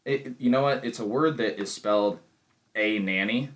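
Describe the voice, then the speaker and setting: A man's voice: fairly low pitch, moderate pace, a bit bright. A young man co-hosting a podcast in casual, joking chat with crude humor. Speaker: podcast co-host.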